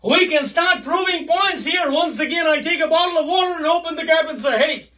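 A man preaching an impassioned sermon, often raising his voice to a shout and repeating phrases for emphasis. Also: extremely high pitch, a little fast, few pauses, recorded from a distance.

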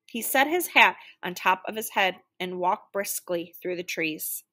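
A woman reading a children's story aloud, animated and playing out the noises. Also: on the low side, a little slow. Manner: animated, sound-effect voices for noises. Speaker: children's book reader.

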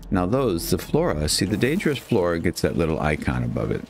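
A man's voice: deep voice, huge pitch swings, brisk, creaky, darkish tone, slight background noise. A man hosting his own gaming channel, giving casual, chatty commentary over his play, talking to his character and poking fun at himself. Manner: chatty, self-mocking, talks to his character. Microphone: headset.

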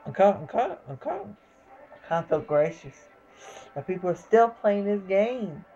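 A gameplay commentator talking casually over a match, excitable, exclaiming and swearing at the game. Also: medium pitch, normal speed, lo-fi sound, a little hiss or hum.

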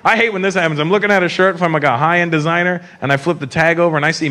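A man performing a stand-up comedy set on a theater stage in an animated, mocking way, often slipping into impressions. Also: a little high, very fast, few pauses. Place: theater stage before a live audience. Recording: live show with loud crowd and noise. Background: loud audience laughter.

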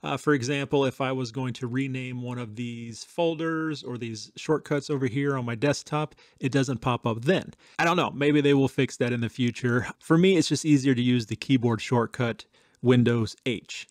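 A man hosting a tech channel, chatting casually through a software demo with some fillers and dictated test sentences. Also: mid-range voice, moderate pace, dry recording, clean studio sound.

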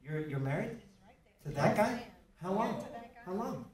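Lively New Jersey man hosting on stage. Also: high-pitched, measured pace, heavy background noise. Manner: joking, teasing, animated banter with laughs. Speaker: live stage show host. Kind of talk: live comedy stage show with audience banter. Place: indoor theater stage. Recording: echoey theater from far off, loud crowd.

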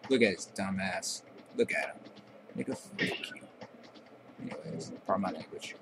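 Low-voiced man trash-talking over gameplay. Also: normal speed, noisy background. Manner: profane trash talk. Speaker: gameplay commentator. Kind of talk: casual gameplay commentary.

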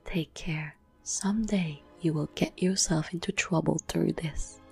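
A woman's voice: sits low, unhurried, faint music behind. A woman voicing a questioning male friend in a whispered role-play, pointed and insistent. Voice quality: breathy whisper. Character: man, the narrator's probing friend.

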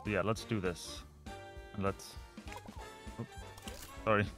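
A man's voice: fairly low pitch, steady tone, takes it slowly, fairly bright tone, faint music behind. A man casually commenting while he plays a management game, often muttering and trailing off as he thinks aloud. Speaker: let's play host.

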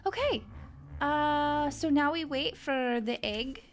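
A woman's voice: high voice, slow pace, a little hiss or hum. A young woman casually commentating her own gameplay, chatty and gushing over the creatures she tames. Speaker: gaming video host. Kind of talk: casual let's-play commentary.

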